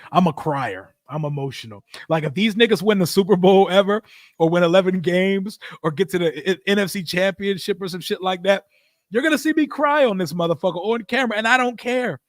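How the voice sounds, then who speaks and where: A fired-up man hosts a football watch-party stream and talks loose, profane and animated, laughing often. His voice sits high for a man, and the sound is dry and close with no room around it. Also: no room sound. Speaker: livestream host. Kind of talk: casual sports watch-party commentary.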